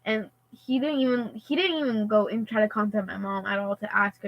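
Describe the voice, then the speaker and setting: A woman's voice: fairly high pitch, a little fast, few pauses, dull audio. A teenage girl telling a story in casual chat, rambling and filling her sentences with "like" and "and stuff like that.". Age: teens. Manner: rambling, heavy use of "like" and "and stuff like that".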